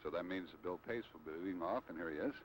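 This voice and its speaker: Upbeat old-time TV bowling emcee. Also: male voice, low voice, rapid-fire. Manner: upbeat announcer, then calm play-by-play. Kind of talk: TV sports commentary. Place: bowling alley. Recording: noisy old TV broadcast.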